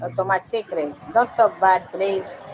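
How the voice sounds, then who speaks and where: A woman's voice: mid-range voice, moderate pace, a little mellow, slight background noise, low-quality recording. A woman with a Haitian Creole accent hosting a casual livestream, answering viewer comments in broken English mixed with Creole. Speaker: livestream host.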